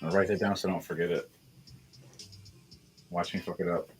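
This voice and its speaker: A man's voice: low voice, flat delivery, brisk, faint music behind. A man narrating as game master in a casual, chatty way, laughing often.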